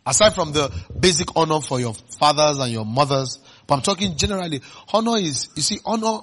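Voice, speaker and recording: There's a breathy edge to this Nigerian-accented male pastor as he preaches. Again and again he throws questions out to the congregation for a response, alternating emphatic loud outbursts with soft, low asides.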